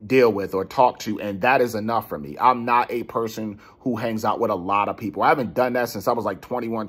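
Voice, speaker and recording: A man in his forties telling a personal story in a casual, animated way, getting worked up and repeating words. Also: mid-range voice, husky.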